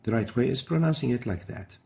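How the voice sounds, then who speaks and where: A man's voice: mid-range voice, fairly quick, gravelly, dark tone. A man teaching a recorded recitation lesson, explaining each pronunciation mistake step by step and then sounding out the Arabic letters himself.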